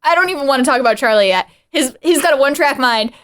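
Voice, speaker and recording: Woman, podcast co-host, casual chat, very high voice, rambling, laughs and swears. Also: animated, fast talker, a bit bright.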